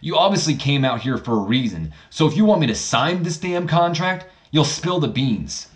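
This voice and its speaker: A man's voice: a little high, sing-song, moderate pace, pitched above the performer's own voice. A man doing a cocky young heir. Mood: defiant. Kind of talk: acted dialogue in a wrestling game playthrough.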